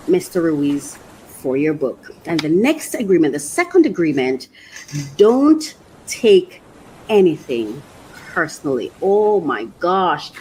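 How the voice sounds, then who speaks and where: Woman, life coach, casual unboxing vlog, gushing, laughs a lot, very lively pitch. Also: slight background noise, poor audio. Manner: gushing, animated, laughs often.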